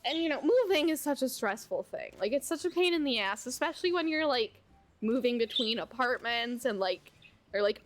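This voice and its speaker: A young adult woman streamer telling a casual story at home while she plays, animated and chatty, full of "like" and the odd swear word. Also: a little high, fairly quick. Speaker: VTuber streamer. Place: home, at her computer.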